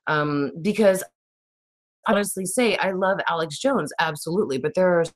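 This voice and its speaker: A woman, hosting a casual livestream chat, rambling and reading out viewer comments in a raspy voice. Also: on the low side, moderate pace. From Texas. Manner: rambling, laughs often, reads viewer comments. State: raspy today. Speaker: livestream host.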